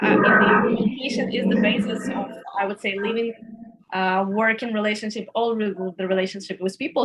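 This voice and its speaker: Polite woman interviewer, slightly high. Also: poor audio. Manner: polite, appreciative, halting with fillers. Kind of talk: interview questions.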